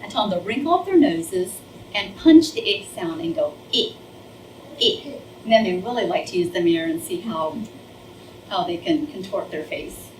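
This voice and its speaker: A woman teacher leads a listening drill and prompts the group to repeat words after her. She praises each answer before going on. The recording is distant and roomy, with clear background noise. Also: on the low side, lively intonation, moderate pace, a little mellow. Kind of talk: classroom demonstration.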